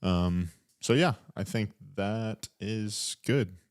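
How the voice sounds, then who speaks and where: A young man with a very low, deep voice, chatting casually as a podcast co-host. He rambles along in a relaxed way, full of fillers. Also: slow. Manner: laid-back, rambling with fillers. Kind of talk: casual chat.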